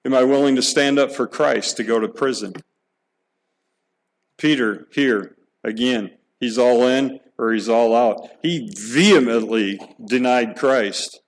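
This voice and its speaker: A man's voice: mid-range voice, unhurried, rough recording. Middle-aged male pastor, mid-range voice, earnest preaching with repeated restarts. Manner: earnest, emphatic preaching with rhetorical questions. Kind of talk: sermon.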